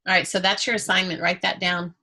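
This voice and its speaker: Bright, husky-voiced woman teaching a class. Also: fairly low pitch, level tone, quick pace. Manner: candid and joking, with playful self-talk. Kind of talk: casual, chatty class talk.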